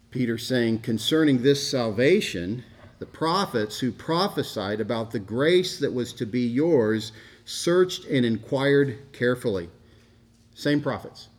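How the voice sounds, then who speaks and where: A man preaching an expository sermon, stressing and repeating key phrases as he teaches from a passage. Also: medium pitch. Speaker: pastor.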